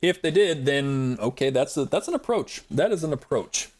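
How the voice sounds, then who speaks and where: A man's voice: mid-range voice, animated, normal speed. A young man chatting rambly to his viewers while playing a game live, talking into a desk mic. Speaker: streamer. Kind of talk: live gameplay commentary.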